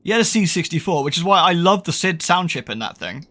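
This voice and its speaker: Lively-pitched sweary British streamer. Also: male voice, fast. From United Kingdom. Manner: rambling, self-correcting, sweary, laughs a lot. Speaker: game streamer. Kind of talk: casual livestream chat.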